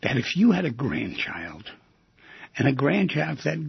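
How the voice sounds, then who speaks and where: A man hosting a radio call-in show, firing questions at listeners in a teasing, animated way with sudden loud bursts. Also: mid-range voice, measured pace, no echo, highs cut off. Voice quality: gravelly, husky. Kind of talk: talk radio monologue.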